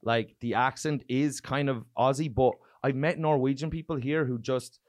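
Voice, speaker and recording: An Irish man, a comedian, chatting casually and telling profane, animated stories. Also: medium pitch, normal speed, no room sound. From Ireland. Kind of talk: casual podcast chat.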